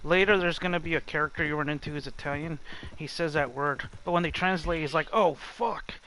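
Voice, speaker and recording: A man's voice: a little high, fairly even intonation, fast talker, bright, forceful tone, slight background noise, poor audio. A man chatting casually while a friend plays a video game, explaining tips at length. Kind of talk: casual chat.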